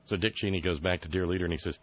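A man's voice: low-pitched, fairly even intonation, very fast. A man hosting a radio talk show, telling a joke and doing put-on voices for the people in it. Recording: dull lo-fi radio sound.

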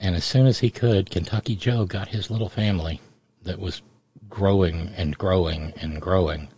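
Middle-aged guy on the radio, lowish voice, rambles through old family stories with lots of restarts. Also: normal speed, darkish tone, breathy edge. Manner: storytelling, digressive, with restarts. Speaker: radio host. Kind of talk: casual radio monologue.

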